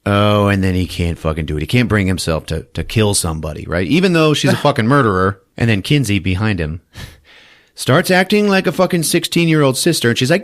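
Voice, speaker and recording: Animated man recapping a film. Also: lowish voice, a little fast. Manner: animated, profane, acts out scenes with voices and laughs. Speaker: podcast host recapping a film. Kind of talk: casual movie recap.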